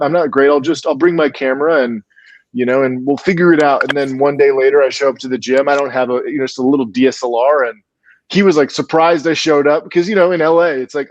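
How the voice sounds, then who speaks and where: A man, a filmmaker appearing as a guest, telling an animated, chatty story with lots of restarts. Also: mid-range voice, fast talker, muffled recording, slight background noise. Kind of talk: storytelling in an interview.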